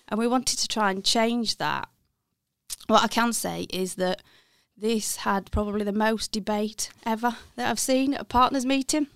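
A woman's voice: mid-range voice, clean tone, no echo, studio quality. A middle-aged woman with a Birmingham accent, speaking candidly as an interview guest, often correcting herself mid-sentence. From West Midlands, England. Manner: candid, self-correcting, laughs softly. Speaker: interview guest, accounting firm partner. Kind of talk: reflective interview chat.

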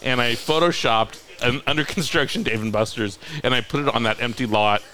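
A man's voice: mid-range voice, brisk, sharp tone. A man who is a guest author, telling wry, mocking stories in casual podcast chat and laughing often. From Coachella Valley, California.

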